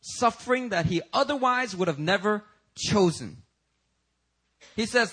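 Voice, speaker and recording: A man's voice: sits high, expressive, unhurried, pauses often, sharp tone, breathy edge. A man preaching a sermon as pastor at a church service, pressing his point with emphatic, rising rhetorical questions.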